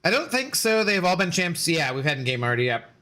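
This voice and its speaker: A man's voice: a little high, big pitch swings, quick pace, sharp tone, a little hiss or hum. A man in his forties streaming a game and rambling through stories in casual chat, loose with fillers and swearing.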